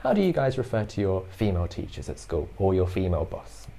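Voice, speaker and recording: A man who grew up in London, explaining word differences in a calm, patient way. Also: deep voice, fast, vocal fry, a little hiss or hum. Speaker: co-presenter. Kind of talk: explanatory chat.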